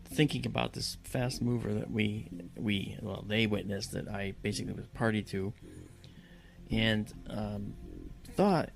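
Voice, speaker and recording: A man recounting a dramatic personal experience, telling it in an animated way and acting out the voices of the people in it. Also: on the low side, measured pace, gravelly, soft background music. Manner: animated storyteller who acts out quoted voices. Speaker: guest recounting a personal story. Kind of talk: storytelling in conversation.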